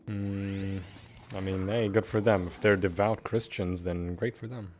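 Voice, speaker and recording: A man's voice: sits low, little pitch movement, unhurried, a little mellow, slight background noise. Laid-back young man chatting while streaming. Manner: chatty, laid-back, talking back to chat between moves. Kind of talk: casual chat while streaming a game.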